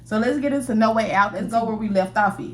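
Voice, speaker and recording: A woman's voice: mid-range voice, fast talker, slight background noise. A woman storyteller giving a casual, chatty storytime narration straight to the camera, swearing freely as she talks to viewers. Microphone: camera mic, recorded to camera.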